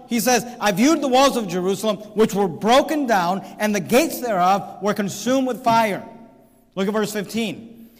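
A man preaching a sermon, reading scripture aloud and building to emphatic, shouted points. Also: sits high, in a large hall. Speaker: pastor.

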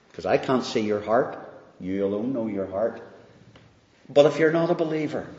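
A man preaching a sermon, slow and emphatic, swinging from loud rises down to hushed, quiet lines. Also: fairly low pitch. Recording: dull, echoey hall recording.

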